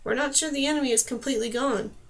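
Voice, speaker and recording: A woman's voice: high-pitched, fast. Woman reading as a wry seasoned woman knight.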